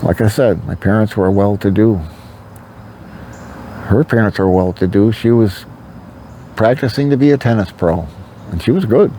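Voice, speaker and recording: A man's voice: lowish voice, moderate pace, long pauses, mellow, slight background noise. An older man telling a candid personal story to his vlog audience, rambling with frequent fillers. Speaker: vlogger. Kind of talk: confessional storytelling to camera.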